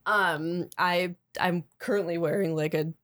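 Chatty woman with a lowish voice. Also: fairly even intonation, a little slow, a bit bright. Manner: chatty, enthusiastic, casual swearing. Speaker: podcast co-host. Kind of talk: casual chat.

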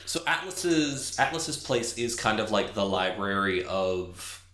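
A man narrating as game master, rambling with many fillers and jumping into high voices for characters. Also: animated, slow, a bit bright, a little hiss or hum. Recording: echoey room.

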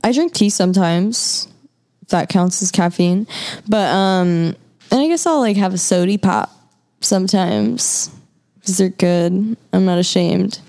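A woman's voice: medium pitch, a little slow, a little mellow. A young woman hosting a podcast, chatting casually and easily with many fillers and laughs. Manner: laid-back, lots of fillers and laughs. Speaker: podcast host. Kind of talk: casual chat.

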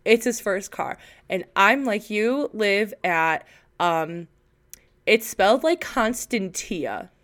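A young woman co-hosting a casual podcast, her voice bright and crisp. She tells stories with big swings in pitch, swears freely and breaks into laughter, recorded close on a podcast microphone. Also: takes it slowly. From Illinois. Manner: animated storytelling with profanity and laughter. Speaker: podcast co-host.

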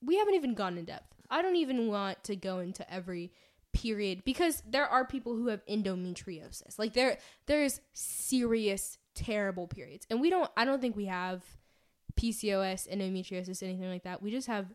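A young woman co-hosts a casual chat podcast, talking animatedly and dramatically retelling events with lots of "like." Her voice is medium-pitched with lively intonation, and she speaks a little fast.

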